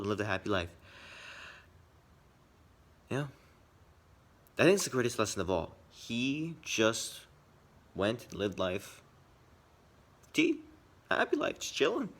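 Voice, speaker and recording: A man giving earnest personal commentary, swinging between quick bursts and quiet, reflective asides. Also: lowish voice. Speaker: video essayist.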